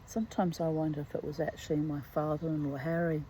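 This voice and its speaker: A middle-aged woman reading aloud from her own memoir, reflective and halting, with frequent asides. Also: low-pitched, little pitch movement, warm tone, a little hiss or hum, poor audio. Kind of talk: personal storytelling read aloud.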